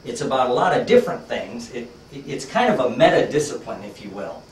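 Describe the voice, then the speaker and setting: A workshop trainer with a mid-range, sing-song voice tells a story to his class in a conversational, folksy way, talking a little fast and using lots of fillers. The rough recording is echoey and distant, with a little hiss or hum.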